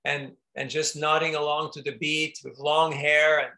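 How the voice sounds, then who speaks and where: A man's voice: on the high side, flat delivery, normal speed, sharp tone. A man, a monk, giving an informal spiritual talk, telling stories in a conversational way with frequent restarts and little laughs.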